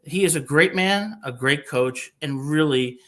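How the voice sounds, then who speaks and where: A young man from New Jersey hosting a casual sports talk show, joking and telling animated stories. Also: a little high, unhurried. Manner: boisterous, jokey, animated storytelling. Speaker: podcast host.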